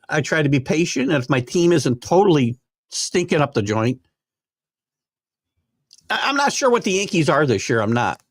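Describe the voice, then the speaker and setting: A man's voice: medium pitch, no echo. Chatty older man talking sports, dry. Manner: rambling, chatty, many fillers and restarts. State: hiccups. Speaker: sports talk show host. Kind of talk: casual live sports podcast chat reading comments.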